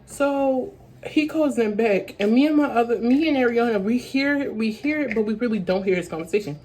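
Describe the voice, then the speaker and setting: A young woman telling a story from her own life in a casual vlog, talking in quick bursts that restart and repeat phrases. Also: a little high, a little mellow, low-quality recording. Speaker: vlogger.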